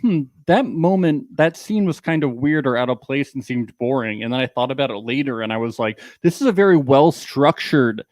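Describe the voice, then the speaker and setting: A man's voice: mid-range voice, animated, moderate pace, hardly any pauses, darkish tone, no room sound, clean studio sound. A man co-hosting a casual recap podcast, joking and rambling with lots of fillers. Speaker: podcast co-host.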